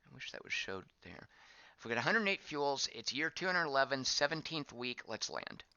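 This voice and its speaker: A man's voice: medium pitch, sing-song, fairly quick, vocal fry, bright, forceful tone, smooth. A man giving casual gameplay commentary as he plays, thinking aloud, wondering and reacting to what is on screen. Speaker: game streamer. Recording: dull lo-fi dry voice track.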